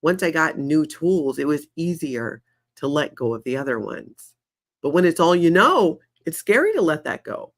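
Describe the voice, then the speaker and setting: A woman's voice: low voice, sing-song, normal speed. Reassuring, thoughtful woman guest. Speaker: podcast guest. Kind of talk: candid conversational chat.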